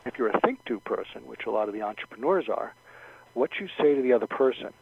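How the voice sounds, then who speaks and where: A man's voice: animated, fast, gravelly, breathy edge. A man giving advice as a guest on a radio talk show, explaining step by step and acting out sample lines of dialogue. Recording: dull low-fidelity radio sound.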